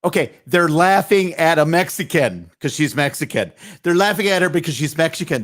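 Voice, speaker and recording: A man's voice: a little high, lively intonation, a little fast, few pauses, fairly bright tone. A man hosting a live online show, talking casually with lots of fillers and restarts. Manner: rambling, chatty, with many fillers and restarts. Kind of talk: casual live-stream commentary.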